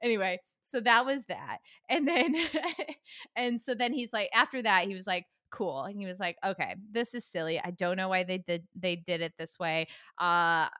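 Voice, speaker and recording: A woman's voice: fairly low pitch, lively intonation, normal speed, bright, forceful tone, no room sound, clean studio sound. A young woman in casual chat, animatedly retelling a frustrating story with quoted dialogue, swearing and laughing.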